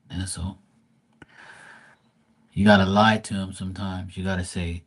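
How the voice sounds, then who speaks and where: A man's voice: low-pitched, little pitch movement, a little slow, long pauses. A man reading tarot cards and chatting casually with viewers on a live stream, calling them by name and swearing lightly.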